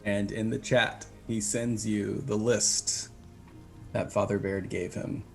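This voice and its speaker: A man's voice: lowish voice, little pitch movement, slow, vocal fry. Man narrating a tabletop game. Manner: casual, descriptive narration. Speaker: game master. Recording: faint music behind.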